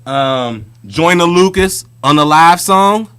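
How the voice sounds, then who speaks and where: Chatty man with a bright voice. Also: on the high side, animated, slow, clear, resonant tone. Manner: chatty, slangy storytelling. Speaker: podcast co-host. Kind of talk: casual chat.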